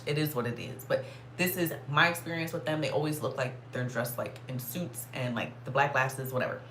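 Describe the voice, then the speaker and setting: A woman vlogger telling a story in a casual, animated way, swearing and saying "like" constantly. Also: on the low side, echoey room, a little hiss or hum. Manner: animated, profane, heavy filler "like".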